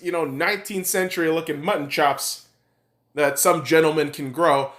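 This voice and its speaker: A man's voice: a little high, fairly even intonation, moderate pace, fairly bright tone. Swearing ranting man in an echoey room. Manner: heated, swearing, sarcastic. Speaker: podcast host. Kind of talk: profane ranting monologue. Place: room in Nevada.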